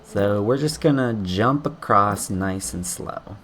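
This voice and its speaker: Low-voiced man cursing through a game. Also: animated, slow pace, a bit bright. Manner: thinking aloud, frequent swearing and restarts, yelps at mistakes. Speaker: streamer playing a game blind. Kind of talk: casual gameplay commentary.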